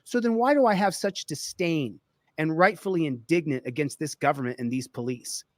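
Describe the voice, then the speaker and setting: A man's voice: fairly high pitch, normal speed, dry recording, studio quality. A man giving an indignant, ranting monologue about his own experience.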